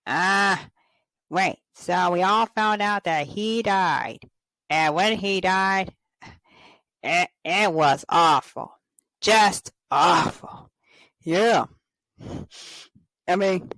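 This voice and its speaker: A woman's voice: fairly low pitch, dry recording, poor audio. A woman hosting a casual fan show, rambling and giggling as she retells scenes. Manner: giggly, rambling, frequent laughs. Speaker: host of a toy fan show. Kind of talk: casual chat with skits.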